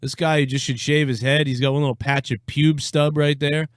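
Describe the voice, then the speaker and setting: A young man hosts a live reaction stream of political commentary, speaking casually, bluntly and sarcastically, with lots of swearing. His voice sits fairly high with little pitch movement, and his delivery is brisk and smooth. The studio recording is clean, with no echo.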